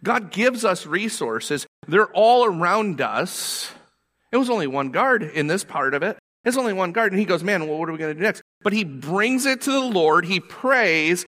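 A man preaching a sermon as pastor, animated and emphatic, repeating his points for weight. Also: high-pitched, a little slow.

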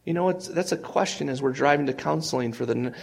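A male pastor giving a conversational sermon, telling stories earnestly with frequent restarts and swings in loudness. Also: medium pitch, fairly quick, gravelly.

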